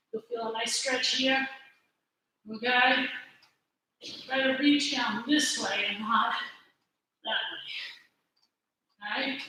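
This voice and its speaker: A woman's voice: high-pitched, sharp tone. Upbeat woman coaching kids, very echoey room. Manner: encouraging, counting and cheering through drills. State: out of breath. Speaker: gymnastics coach. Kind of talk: virtual fitness class instruction. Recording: very echoey room, faint noise.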